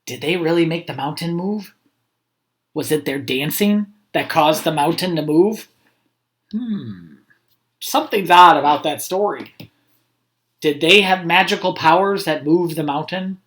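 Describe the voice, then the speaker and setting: A man's voice: a little high, unhurried, pauses often, a bit bright. A man, a school principal, reading picture books aloud to students online, with friendly, chatty asides. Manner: friendly, chatty asides between read passages.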